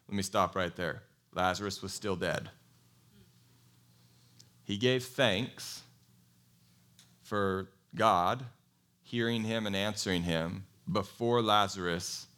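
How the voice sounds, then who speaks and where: A man preaching a sermon in a conversational, animated way, telling a Bible story and asking his congregation questions. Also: sits low. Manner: animated storytelling, acts out quoted voices. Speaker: pastor.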